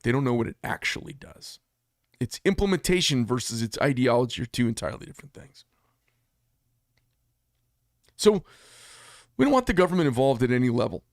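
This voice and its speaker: A man's voice: medium pitch, creaky, no room sound, clean studio sound. A man and business owner giving a blunt, heated casual monologue, telling a story with asides. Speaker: business owner talking to camera.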